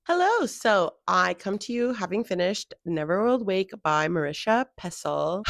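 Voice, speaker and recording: A woman's voice: lowish voice, fairly bright tone, no room sound, studio quality. A young woman chatting casually in a reading vlog, talking about a book with lots of filler words. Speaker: book vlogger.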